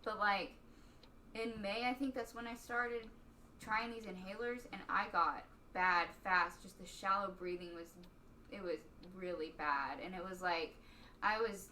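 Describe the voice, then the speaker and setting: Chatty, bright-voiced woman comic. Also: mid-range voice, steady tone, a little slow, far from the mic, a little hiss or hum. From Stephenville, Texas. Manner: rambling, heavy use of "like", laughs often. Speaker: stand-up comic, podcast guest. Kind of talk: casual podcast chat.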